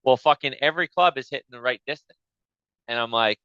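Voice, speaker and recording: Bright, clear-voiced swearing storyteller man. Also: medium pitch, fairly quick, dry recording, dull audio. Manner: profane, animated retelling with quoted back-and-forth. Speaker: podcast host. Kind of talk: casual storytelling chat.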